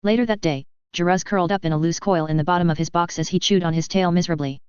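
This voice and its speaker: A woman narrating a science fiction story in a steady, even storytelling voice, in a dull lo-fi recording. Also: on the low side, fast, clean tone, dry recording. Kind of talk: audiobook narration of a sci-fi story.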